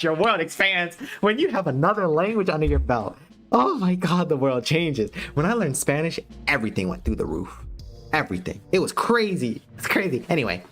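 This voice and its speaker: On a casual livestream, an American streamer gives dating advice straight to his viewers, lecturing bluntly and profanely. His pitch rises and falls a lot, with a little quiet music behind him.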